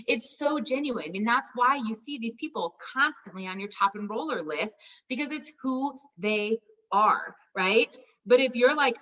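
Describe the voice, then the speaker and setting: A woman's voice: medium pitch, sharp tone, distant mic, muffled recording. A woman leading a team call, giving upbeat, chatty coaching and acting out sample conversations. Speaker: team leader on a sales call. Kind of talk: motivational coaching talk.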